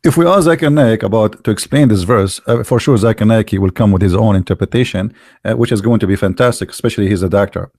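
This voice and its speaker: A man's voice: on the low side, fast, a little mellow, no room sound, clean studio sound. A man speaking English as a second language, mocking a religious text in sarcastic, incredulous commentary. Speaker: online religion critic.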